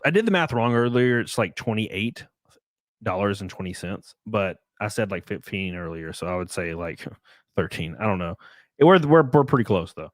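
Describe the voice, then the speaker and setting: A man's voice: on the low side, expressive, moderate pace, no room sound. A young man, a streamer and podcast host, chatting casually in a joking, teasing way. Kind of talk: casual chat.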